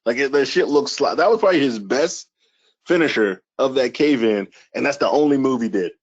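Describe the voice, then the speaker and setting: A man's voice: medium pitch, expressive, brisk, dull audio. A man co-hosting a casual podcast, rambling and swearing as he recaps events. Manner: rambling, profane, recaps with quoted bits. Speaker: podcast co-host.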